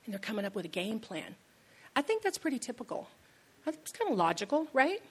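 A woman's voice: fairly high pitch, big pitch swings, a little fast, breathy edge. A woman pastor giving a sermon in a conversational, storytelling way, repeating key lines for emphasis.

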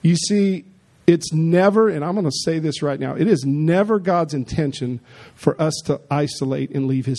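High-voiced, mellow man preaching. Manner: emphatic, conversational preaching with repeated asides. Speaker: pastor. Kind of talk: sermon.

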